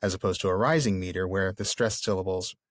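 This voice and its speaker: A man's voice: low-pitched, fast, no echo, clean studio sound. A man co-hosting a podcast, explaining a book thoughtfully in casual talk, with many fillers. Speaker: podcast co-host. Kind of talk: casual literary discussion.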